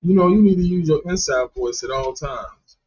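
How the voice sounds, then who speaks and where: A man in loud, teasing, crude casual banter with a friend. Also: a little high, normal speed, breathy edge. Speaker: comedic podcast co-host. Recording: dull lo-fi recording.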